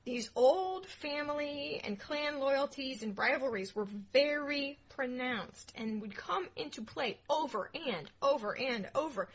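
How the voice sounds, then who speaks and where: A woman co-hosting a casual history podcast, telling the story playfully with jokes and loud asides. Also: high voice, measured pace, few pauses, poor audio. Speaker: podcast co-host.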